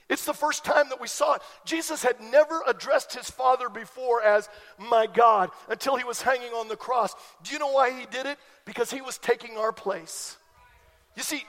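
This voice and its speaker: Preaching at a moderate pace in a notably high voice, a pastor gives an animated sermon, hammering his points with emphatic, rising bursts. Long reverb from a large church sanctuary fills the recording.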